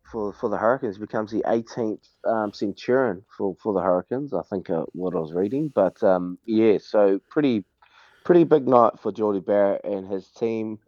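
A relaxed, chatty man, talking casually down a phone line. His voice sits a little low. The sound is dry and dull. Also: no room sound. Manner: relaxed, chatty, mimics people in his stories. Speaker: golfer calling in as guest. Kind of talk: casual chat on a phone call.

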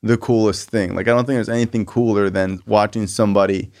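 A man's voice: fairly low pitch, steady tone, brisk, a little mellow. A man hosting a casual talk show about recovery, laid-back, with lots of "like" and "you know". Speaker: podcast host.

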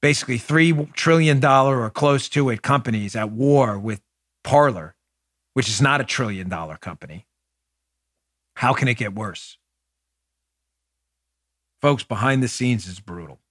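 A man's voice: medium pitch, a little slow, long pauses, fairly bright tone, dry recording, studio quality. A man hosting a political opinion podcast, talking earnestly and with emphasis, straight to his listeners and sometimes aside to a partner in the room. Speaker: podcast host.

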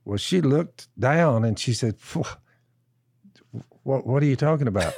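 A man speaks at a mid pitch, unhurried and folksy. He keeps stringing his story along with "I said," as if teaching from the pulpit. The sound is dry and close, with no room echo. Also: expressive, vocal fry, darkish tone. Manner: slow, drawn-out storyteller who keeps repeating "I said". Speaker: podcast co-host.

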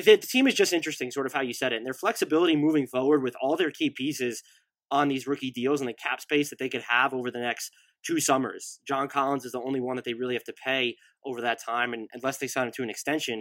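Bright-voiced man talking basketball. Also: medium pitch, no echo. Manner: rapid-fire roster lists, offhand asides. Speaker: podcast co-host. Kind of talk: casual sports podcast analysis.

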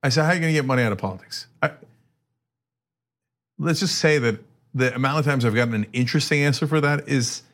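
A middle-aged man co-hosting a casual political chat, animated and acting out quotes. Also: medium pitch, fast, pauses often. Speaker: co-host.

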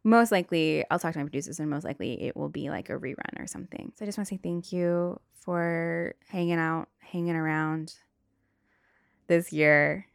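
A young woman hosting a casual solo podcast, blunt and profane, now and then flaring into shouty rants. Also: low-pitched, moderate pace, vocal fry, clean tone, dry recording, studio quality. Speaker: podcast host. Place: bedroom.

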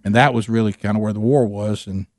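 A man, telling a rambling, animated story in casual chat, with many restarts. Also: on the low side, fast, no room sound, studio quality.

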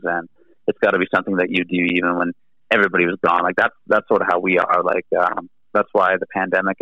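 A man's voice: deep voice, no echo, highs cut off. A Canadian man, a band's singer and guitarist, talking in a laid-back, rambling way as an interview guest. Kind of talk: casual interview chat.

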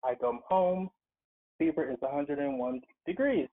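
Man, phone-in guest, earnest and emphatic, slightly high voice, thin phone-line sound. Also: measured pace. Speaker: guest, occupational therapist. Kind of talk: casual interview by phone. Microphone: phone call.

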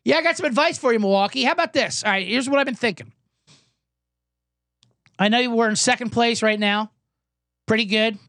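A man's voice: brisk, long pauses, fairly bright tone, no room sound, studio quality. A man doing a smug, rambling basketball coach. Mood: wheedling. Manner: self-serving, rambling pitch. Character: smug middle-aged male basketball coach angling for a job.

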